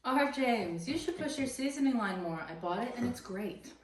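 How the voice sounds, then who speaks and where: Young adult woman, plain reading voice, a touch high, distant mic, roomy. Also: lively intonation, moderate pace. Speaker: daughter reading out viewer questions. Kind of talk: reading comments aloud.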